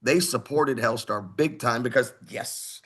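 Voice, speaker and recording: A man in his sixties from Houston, a heavy metal singer telling stories as an interview guest in an animated way, acting out other people's voices. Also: medium pitch, measured pace, breathy edge. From Houston, Texas. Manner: animated, acts out quoted voices. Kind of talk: casual interview storytelling.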